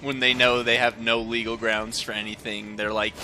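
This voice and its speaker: A man's voice: fairly low pitch, completely flat delivery, moderate pace, few pauses, over music. A young man streaming a game, chatting casually with viewers, laughing often and swearing freely. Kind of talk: casual chat while gaming.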